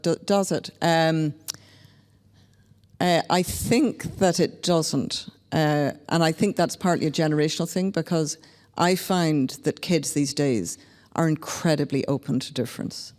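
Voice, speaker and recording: A woman from County Antrim, Northern Ireland, speaks candidly and reflectively as a panelist at a public discussion in a large hall. Her voice is deep and slightly mellow, at a moderate pace, with a big-room sound.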